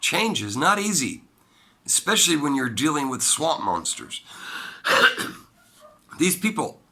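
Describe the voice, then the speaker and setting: Man, gravelly voice, bright edge, emphatic solo commentary, loud bursts and low asides. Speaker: political commentator. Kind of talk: solo opinion monologue.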